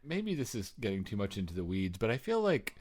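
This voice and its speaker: A man's voice: fairly low pitch, huge pitch swings, a little fast, darkish tone. A man co-hosting a podcast in casual chat, talkative and laughing often as he trails off and restarts. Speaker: podcast co-host.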